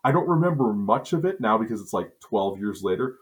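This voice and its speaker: A middle-aged man from Wisconsin, telling stories in a relaxed, chatty way on a podcast. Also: lowish voice, a little fast. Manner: relaxed, chatty storyteller with asides and self-corrections. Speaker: podcast co-host. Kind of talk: casual storytelling.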